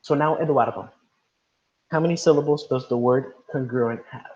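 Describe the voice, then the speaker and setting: A man's voice: mid-range voice, moderate pace, a little mellow, lo-fi sound. A male teacher leading an online class, reading instructions and calling on students by name. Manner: encouraging, calls on students by name. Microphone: video call.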